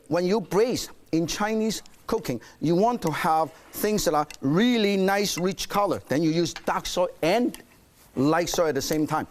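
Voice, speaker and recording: A man's voice: high voice, slight background noise. A man hosting a cooking show, demonstrating a dish in a studio kitchen with playful energy, coaxing his audience along.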